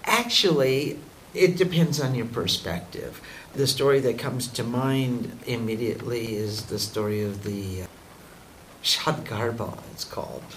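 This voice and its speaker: Unhurried man telling old stories. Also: mid-range voice, fairly bright tone, a little hiss or hum, rough recording. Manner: unhurried, voices characters in quotes, chuckles often. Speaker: spiritual teacher telling stories. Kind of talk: storytelling talk to a group.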